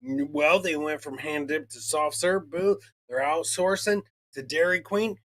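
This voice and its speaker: Man, podcast co-host, profane rant, acts out quotes, bright tone. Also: fairly high pitch, a little slow. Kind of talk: casual chat.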